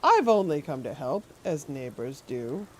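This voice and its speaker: An unsettling old man creeping through his lines in a slow, syrupy voice, as a woman reads him from a game. His pitch sits on the low side, and his menace stays quiet and patient. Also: very animated, a little hiss or hum. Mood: menacing. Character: creepy older man, unsettling self-appointed guardian. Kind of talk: reading game dialogue aloud.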